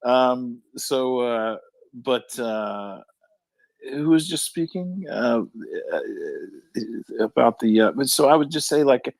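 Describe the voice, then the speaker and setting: A man speaking haltingly in a live audio discussion, full of fillers and restarts. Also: mid-range voice, darkish tone, dry recording. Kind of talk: casual discussion.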